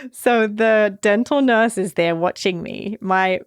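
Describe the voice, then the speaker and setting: A woman's voice: medium pitch, slow, few pauses, clear, resonant tone, no room sound, clean studio sound. A woman hosting a podcast, telling a personal story in a candid, emotional way. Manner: candid and emotional, often laughing. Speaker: podcast host.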